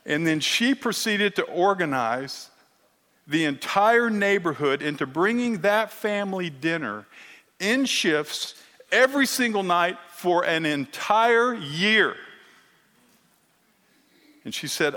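Pastor, male, slow emphatic sermon delivery, slightly high voice, long church reverb. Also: animated. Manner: emphatic, earnest, grows emotional and quiet.

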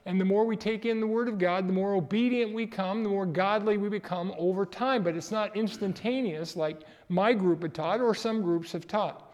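Emphatic, high-voiced male preacher in a reverberant hall. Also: moderate pace, hardly any pauses, a little mellow, muffled recording. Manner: emphatic, rising in pitch and volume on key points, chuckling. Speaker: pastor. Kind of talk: sermon.

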